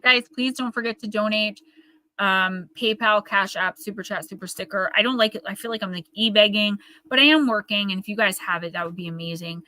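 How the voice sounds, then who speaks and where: A woman's voice: medium pitch, brisk, sharp tone, no room sound. A woman with a Northern New Jersey accent, chatting and rambling to her viewers as she hosts a live oracle card reading.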